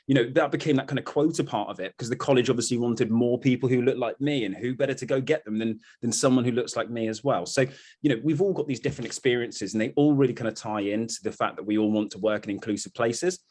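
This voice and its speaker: A man of middle pitch hosts an open discussion over a video call. He speaks in a reflective, encouraging way, leaning on casual fillers as he thinks out loud. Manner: encouraging, reflective, many "you know" fillers. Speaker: discussion host.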